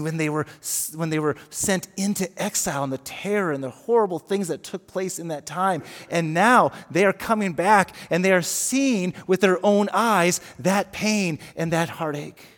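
High-voiced male pastor preaching. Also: a bit bright. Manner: conversational, repeats words, asks rhetorical questions. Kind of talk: sermon. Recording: echoey hall with long reverb.

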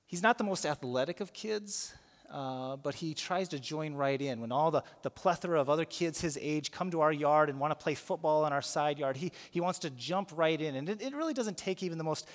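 A man's voice: fairly high pitch, expressive, a little fast. A male pastor preaching a sermon, telling a story with frequent restarts and repeated words. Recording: long reverb of a large hall.

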